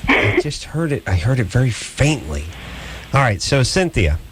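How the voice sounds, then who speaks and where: A man's voice: medium pitch, very animated, moderate pace, a bit bright, slight background noise. A middle-aged man hosting a late-night call-in radio show, riffing loosely and joking with a co-host and callers. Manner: loose, joking, rambling riffs and bits.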